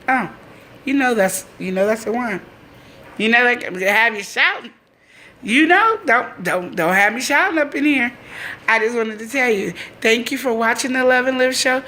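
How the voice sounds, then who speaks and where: A woman hosts her own live-streamed show and delivers an informal sermon straight to her viewers. Her voice sits at an ordinary middle pitch, but her preaching swings from loud, high emphasis down to soft, drawn-out lines. The talk stays homey and conversational throughout. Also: a little hiss or hum. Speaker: host of a live video show; mother.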